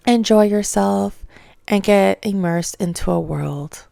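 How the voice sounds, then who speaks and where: A woman vlogger ranting casually about her opinions, animated and mocking. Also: mid-range voice, normal speed, gravelly, dry recording. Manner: animated, mocks others in exaggerated voices.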